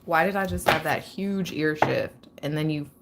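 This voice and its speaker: A young woman hosting a live tarot reading, chatting casually and excitedly with frequent laughter. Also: sits low, normal speed, vocal fry, very noisy.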